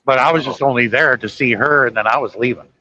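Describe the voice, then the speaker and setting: A man's voice: medium pitch, fast talker, sharp tone, dull audio. A man telling a long, rambling story in casual chat, acting out the dialogue as he goes. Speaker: guest storyteller.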